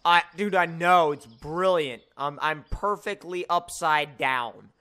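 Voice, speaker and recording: Here a young gaming host chats casually during play, ribbing his friend with exasperation and plenty of laughter. His voice is a little high, bright, and forceful, and his pace is slow.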